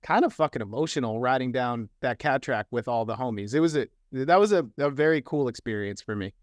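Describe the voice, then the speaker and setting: Laid-back, slangy middle-aged podcast host. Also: male voice, medium pitch, lively intonation, no echo, clean studio sound. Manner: laid-back, slangy, swears, halting restarts. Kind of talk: casual podcast chat.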